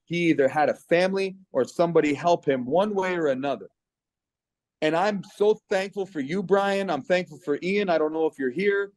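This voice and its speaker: A man's voice: a little high, normal speed, dry recording. A middle-aged man from Canada giving an earnest, persuasive personal testimonial on a video call. His voice catches with emotion as he speaks.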